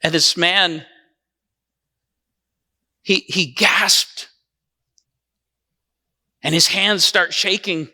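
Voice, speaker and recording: A male pastor delivering a dramatized first-person sermon, telling the story dramatically and swinging between lively and hushed passages. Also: high-pitched, extremely slow, long pauses. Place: church sanctuary. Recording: echoey church hall.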